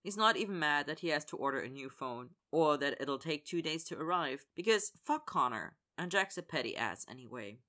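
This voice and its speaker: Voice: mid-range voice, lively intonation, brisk, hardly any pauses, pushed and bright. A narrator reading a story aloud and voicing the characters' dialogue. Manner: acts out characters' lines in dialogue. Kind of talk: fan fiction audiobook reading.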